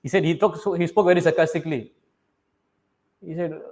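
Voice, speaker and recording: Speaking a little fast in a voice on the high side, a middle-aged man gives a sermon as a scripture class preacher, his English slightly non-native. He tells stories animatedly, voicing the characters' quoted lines and asking the audience questions.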